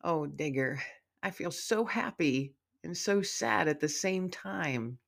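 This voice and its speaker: A woman voicing a tender grieving mother who speaks softly and gently in a storybook. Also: low-pitched, animated, slow, creaky, exaggerated voice. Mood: moved. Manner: soft, gentle.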